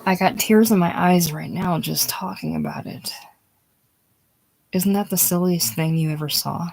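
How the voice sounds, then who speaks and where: A woman voicing a chatty, excitable young woman who rattles on about her stage triumph, in a casual script reading. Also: on the low side, moderate pace, vocal fry, poor audio. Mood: gushing. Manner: rattles on breathlessly, gushing.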